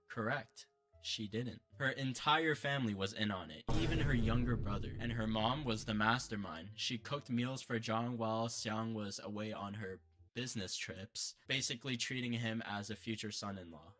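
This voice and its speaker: Bright-voiced man recapping drama sarcastically. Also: medium pitch. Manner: sarcastic asides, playful exaggeration. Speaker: commentary streamer. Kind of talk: casual storytelling commentary.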